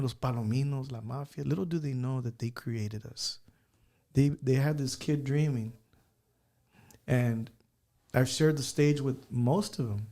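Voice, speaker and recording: Musician guest, man, mid-pitched voice, chatty storyteller who code-switches. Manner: animated anecdotes with slips into Spanish phrases. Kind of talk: casual interview storytelling.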